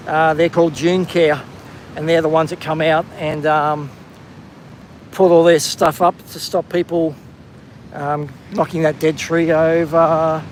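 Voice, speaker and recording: Australian man, slightly high voice, casual live-stream chatter, outdoors, faint wind behind. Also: low-quality recording. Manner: chatty, greeting viewers by name between remarks. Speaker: livestream host. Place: outdoors on a windy coastal headland.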